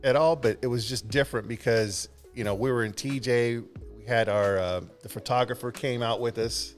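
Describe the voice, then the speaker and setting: A man guesting on a podcast, telling rambling anecdotes in relaxed, casual conversation. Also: medium pitch, moderate pace, faint music behind. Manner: laid-back, rambling anecdotes with laughs.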